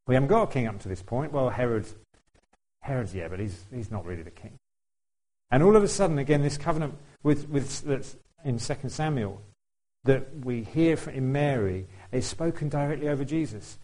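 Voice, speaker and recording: A man gives a relaxed, chatty sermon in a warm, mellow voice. He talks straight to the congregation and keeps putting questions to them. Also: mid-range voice, a little fast, low-quality recording. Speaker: preacher. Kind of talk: conversational sermon.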